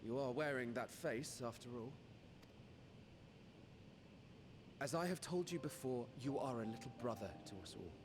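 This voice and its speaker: A man's voice: mid-range voice, animated, a little fast, noisy background, close to an everyday voice. A man voicing a loyal, earnest male guard commander who speaks fervently, in a game cutscene with music behind. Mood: urging. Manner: earnest, fervent, sometimes dropping to a hush.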